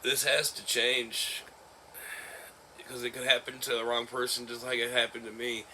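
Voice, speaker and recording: Guy in his 40s vlogging, really sharp tense voice, halting and shaky, nervous little laughs. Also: mid-range voice, level tone, a little hiss or hum. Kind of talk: personal vlog recounting an ordeal.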